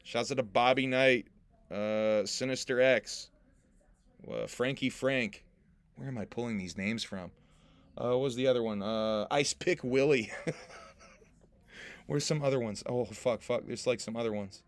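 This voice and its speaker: A man's voice: medium pitch, measured pace, long pauses. A man hosting a casual livestream podcast, joking with his chat, laughing often and swearing freely. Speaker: podcast host and rapper.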